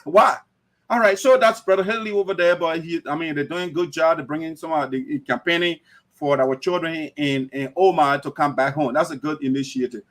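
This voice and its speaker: A man's voice: on the high side, fairly quick, a bit bright. A man hosting an online talk show, lecturing emphatically in livestream commentary. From Liberia.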